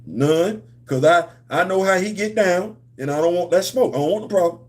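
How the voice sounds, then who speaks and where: A man's voice: high-pitched, normal speed. A man hosting a comics and culture channel, talking in a loose, playful, repetitive way with slang. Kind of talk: casual livestream chat.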